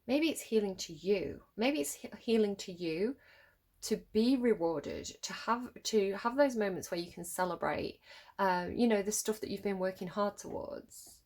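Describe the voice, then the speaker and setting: A woman's voice: mid-range voice, normal speed, darkish tone. A woman giving a casual tarot reading to her viewers, chatty and laughing often as she talks straight to them. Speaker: tarot reader.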